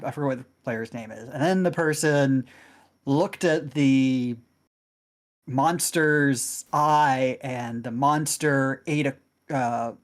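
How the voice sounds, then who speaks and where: A man co-commentating a game stream, explaining things in a rambling, hesitant way. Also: mid-range voice. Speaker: tournament organizer and co-commentator.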